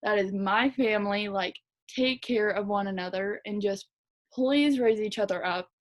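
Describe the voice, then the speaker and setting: A young woman team leader giving a fast, chatty, energetic motivational talk to her team. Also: medium pitch. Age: young adult. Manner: fast, chatty, energetic, lots of "like" and "you guys". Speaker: direct sales team leader.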